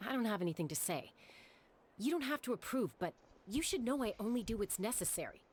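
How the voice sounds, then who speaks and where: A calm, stubborn young woman, voiced by an actress, answering coolly and dryly in a game cutscene at a mid-range pitch. Soft game ambience sits faintly behind her. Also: brisk, a little hiss or hum, natural voice. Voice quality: cool, dry and matter-of-fact.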